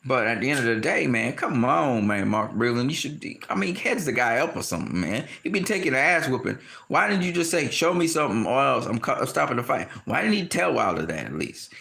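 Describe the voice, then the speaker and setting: A man giving a casual, animated boxing opinion rant, often laughing and acting out quotes in high shouted voices. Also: a little fast, gravelly, few pauses. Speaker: boxing commentator.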